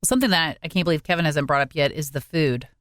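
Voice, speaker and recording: A woman co-hosting a podcast, chiming in briskly and in a friendly way. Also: low voice, no echo, clean studio sound. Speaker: podcast co-host. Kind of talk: casual podcast chat.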